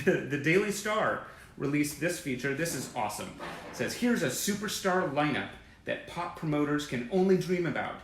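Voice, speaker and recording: A man's voice: medium pitch, a bit bright, slight background noise. Gushing male livestream host, echoey room. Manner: enthusiastic, rambling, gushing, greeting viewers by name. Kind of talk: casual livestream chat reading old press clippings. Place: indoor room with sunlight through a window. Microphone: webcam or phone livestream.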